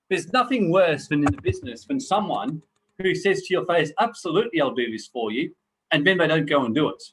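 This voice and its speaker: A man's voice: fairly high pitch, slightly rough, poor audio. A middle-aged man giving a blunt, preachy motivational talk to a group, swearing freely as he goes. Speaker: personal development speaker.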